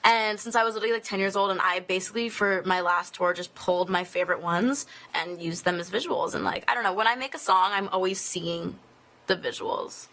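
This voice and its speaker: A woman's voice: mid-range voice, brisk, pushed and bright. A woman, a singer, answering fan questions in a casual live Q&A inside an office building, rambling and filling her talk with "like". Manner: chatty and rambling, full of "like" fillers. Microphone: phone streaming live video.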